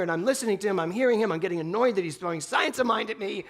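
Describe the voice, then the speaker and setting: A male minister giving a Sunday talk in a spiritual center, telling an animated story with bursts of laughter. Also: high voice, racing, slight background noise. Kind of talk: sermon storytelling.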